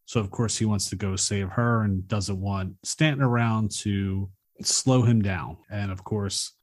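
A man's voice: lowish voice, fairly even intonation, measured pace. A man co-hosting a podcast, casually recapping a movie plot in a rambling way. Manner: rambling, retells scenes with acted quotes. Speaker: podcast co-host.

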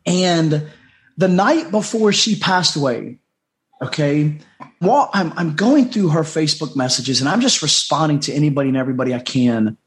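Middle-aged guy from the us, fairly high voice, heartfelt storytelling as a podcast guest, repeats himself a lot. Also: expressive, moderate pace. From United States. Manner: heartfelt, repetitive, acts out quoted dialogue. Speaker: podcast guest, life coach. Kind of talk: earnest personal storytelling.

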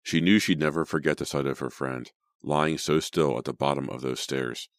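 A man narrating a teen horror audiobook in a steady, dramatic storytelling manner. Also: rumbling low, normal speed, no echo, studio quality.

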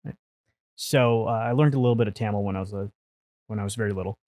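A man's voice: on the low side, quick pace, dry recording. A man from India, a podcast guest, telling stories animatedly in casual conversation, often restarting his sentences. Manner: animated storytelling with frequent restarts and swearing.

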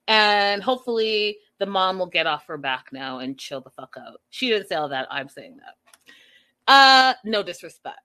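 A young adult woman hosting a live stream, giving an animated, opinionated recap of a reality show with sassy asides. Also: mid-range voice.

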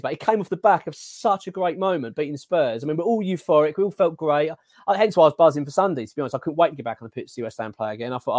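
Man, podcast host, animated rant, rapid delivery, dry close mic. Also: on the high side, no echo. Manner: animated, ranting, filler-heavy. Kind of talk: casual football chat.

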